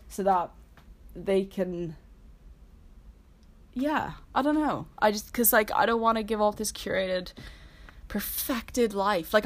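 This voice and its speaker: A woman in her early twenties talking casually and earnestly as a solo host, rambling with constant "like" fillers. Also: fairly low pitch. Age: 20s. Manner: rambling, heavy use of "like", earnest. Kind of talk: casual solo podcast chat. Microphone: laptop.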